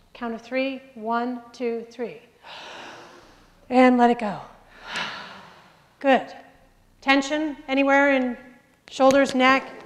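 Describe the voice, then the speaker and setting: A woman coaching a group through breathing exercises in a live workshop, upbeat, joking and directive. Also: sits high. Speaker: presentation skills coach. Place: large room with a group. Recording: reverberant hall sound.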